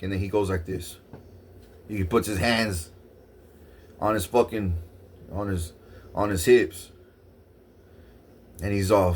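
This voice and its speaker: A man's voice: lowish voice, slow, long pauses. A man vlogging a long rambling story in the first person, swearing often and restarting his sentences. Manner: profane, repetitive restarts, excitable.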